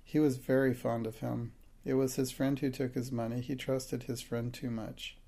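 A man reading an audiobook, voicing a quiet, earnest orphaned young girl in a soft, plain voice. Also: mid-range voice, little pitch movement, normal speed, creaky.

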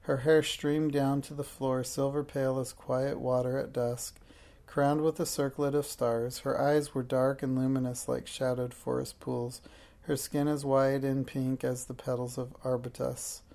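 A narrator reading a children's chapter book aloud in a gentle, even manner. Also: medium pitch, measured pace. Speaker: storybook narrator.

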